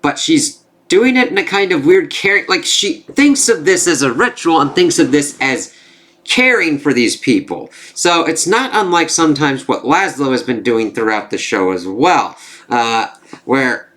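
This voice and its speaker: A man's voice: fairly high pitch, lively intonation, a little slow, fairly bright tone. A man recapping a TV episode in a rambling, casual way, swearing freely and using lots of fillers. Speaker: TV reviewer.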